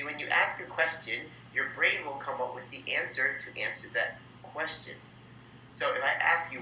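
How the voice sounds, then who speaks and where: A man with a very bright, forward voice, talking through a training lesson as its host. He coaches in an upbeat way and plays out little sample conversations. The room is echoey, with a faint hum of ambience behind him. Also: medium pitch. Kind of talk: instructional talk to camera.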